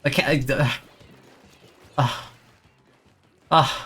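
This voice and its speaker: A young man streaming a game, complaining in an exasperated, self-mocking way, with sudden high-pitched outbursts. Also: steady tone, very slow, fairly bright tone, soft background music. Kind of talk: casual live-stream commentary.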